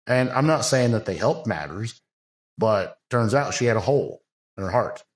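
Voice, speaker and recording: A man's voice: fairly low pitch, animated, normal speed. A man, a bodybuilding coach, talking earnestly in a casual podcast conversation, with long loose run-on sentences and many fillers.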